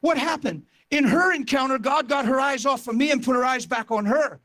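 Male pastor, sermon testimony, high-pitched, passionate storytelling, building to shouts. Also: brisk. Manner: impassioned storytelling, rising to near-shouting.

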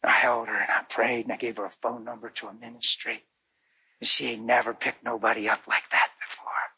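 A male pastor telling a story in his sermon, emotional and conversational, moving between hushed and loud delivery. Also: mid-range voice, little pitch movement, brisk, gravelly, breathy edge, low-quality recording.

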